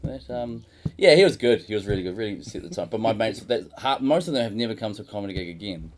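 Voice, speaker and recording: A man's voice: lowish voice, expressive, quick pace, slight background noise. A man hosting a casual comedy podcast, rambling through stories and acting out other people with silly sound effects; he has a daughter. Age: adult with a daughter. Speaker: podcast host.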